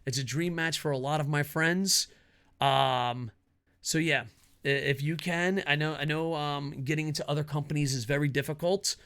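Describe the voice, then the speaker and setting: A man with a fairly high voice rants through his own wrestling commentary show. He swears freely, laughs often and gets excitable between asides. The delivery is loose and conversational rather than scripted. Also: moderate pace, smooth. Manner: profane, excitable, laughs a lot. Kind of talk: casual opinion rant.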